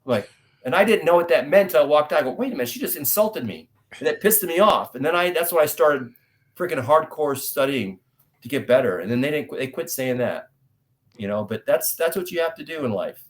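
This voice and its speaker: A middle-aged man from the United States, an actor guest telling stories in an interview and acting out dialogue loudly. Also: fairly high pitch, fairly quick. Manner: animated storyteller, acts out dialogue loudly. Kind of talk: storytelling interview talk.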